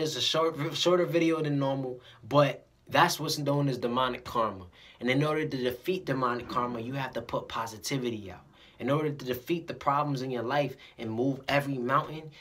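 Here's a laid-back motivational vlogger speaking right to the audience in a middle pitch, talking to camera. It's an energetic, preachy delivery, marked by stumbles, repeated words and small dramatized conversations.

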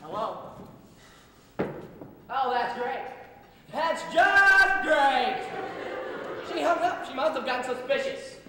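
A teenage boy acts out a frazzled middle-aged man on a school stage, his voice pitched very high. It booms and rings through a big auditorium, heard from well back with hiss underneath. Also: animated, slow pace, pauses often, heavily acted. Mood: hushed. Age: teens. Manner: exasperated, then hushed on the phone. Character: flustered middle-aged man fielding phone calls. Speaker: student actor in a school play. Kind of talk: amateur stage acting. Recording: echoey school auditorium from far off, noisy.

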